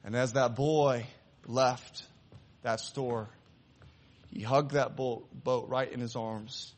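A man preaching a sermon, telling a story and then turning it into an appeal to the congregation. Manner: animated storyteller, voices the excited boy in a raised pitch; slows and softens for the closing appeal. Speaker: pastor.

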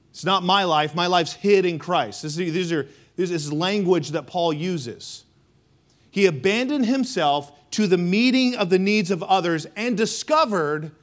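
A pastor with a high-pitched voice preaches emphatically and rhythmically. He calls on the congregation to respond, swinging between loud and hushed delivery.

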